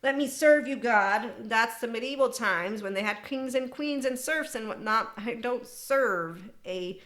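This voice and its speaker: A middle-aged woman hosting a podcast, talking in an animated, unscripted monologue, laughing often and slipping into quoted voices. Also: on the high side, unhurried. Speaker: podcast host.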